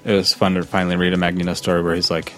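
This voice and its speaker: A man's voice: deep voice, level tone, racing, fairly bright tone, faint music behind. A man chatting casually about comics, eager and rambling with many restarts.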